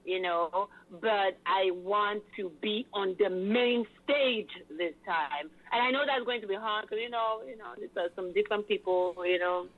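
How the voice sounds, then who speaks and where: A woman's voice: medium pitch, normal speed, hardly any pauses. Hyped-up woman MC on a tinny line. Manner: animated, hyped storytelling with many fillers. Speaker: event host and MC. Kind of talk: lively interview chat.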